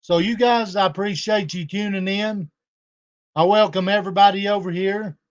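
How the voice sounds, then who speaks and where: A man's voice: high voice, fairly even intonation, moderate pace, lo-fi sound. A man talking casually to viewers on a livestream, aggrieved and confrontational as he addresses a rival and his audience. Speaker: YouTube livestreamer.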